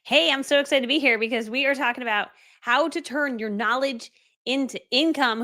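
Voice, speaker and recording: A middle-aged woman coach telling a story in a casual, animated way, full of "like" and "right?". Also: medium pitch. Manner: animated, dramatic retelling with many "like"s and "right?". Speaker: online course creator and coach.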